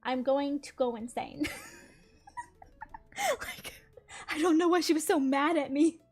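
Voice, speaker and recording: A young woman chats on her stream as she plays, her voice sitting high. She tells her stories with animated, giggly energy. Faint game music runs quietly underneath. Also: unhurried. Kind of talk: casual chat while gaming.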